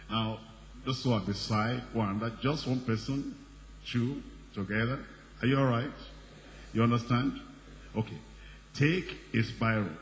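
A man preaches a sermon, driving his points home by repeating phrases and swelling in pitch and volume. His voice carries a long reverb from a large hall, with a faint hum of noise underneath. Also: a bit bright.

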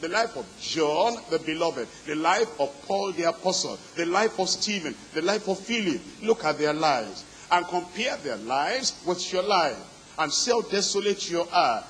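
A preacher with a notably high voice delivers his sermon in rolling, repetitive phrases that build and stack on one another. He presses his congregation with steady exhortation, and a faint hiss sits under the recording. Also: moderate pace, poor audio.

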